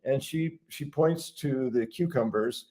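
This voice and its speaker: A man's voice: medium pitch, measured pace, mellow. Older American man, regular guest, chatty storyteller with an amused, self-deprecating manner. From United States. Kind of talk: casual storytelling.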